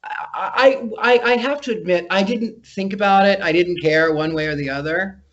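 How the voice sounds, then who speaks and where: A man's voice: high-pitched, normal speed, a bit bright, dull audio. A man talking as a guest psychic in a casual interview, telling stories with lots of restarts over a remote call. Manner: chatty storyteller, frequent restarts.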